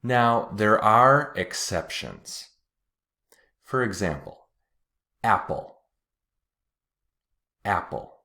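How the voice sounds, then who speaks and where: Patient male pronunciation teacher, low voice, unhurried, repeats each word with care. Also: very animated, pushed and bright. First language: English. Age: adult, watched TV as a kid in the 80s-90s. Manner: patient, repeats words slowly and clearly. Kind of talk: slow, deliberate pronunciation lesson.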